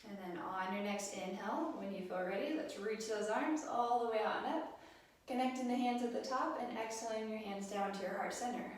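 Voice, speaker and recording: A woman leading a yoga class, speaking gently and encouragingly with frequent ums. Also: a little high, brisk. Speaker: yoga instructor. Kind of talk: guided yoga class instruction. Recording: roomy echo, mic set at a distance.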